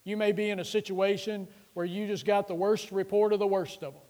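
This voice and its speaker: A middle-aged pastor preaches in a high-pitched voice, pressing his points with repeated phrases and frequent restarts. When he quotes scripture, he lifts his voice and slows into a declaiming cadence. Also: fairly even intonation, a little mellow. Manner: recites scripture passages in a raised voice. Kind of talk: sermon.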